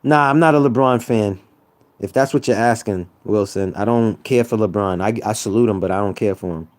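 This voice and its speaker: A man's voice: lowish voice, brisk, darkish tone. A man trash-talking rival sports fans on a live stream, teasing and repeating himself for emphasis. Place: home room.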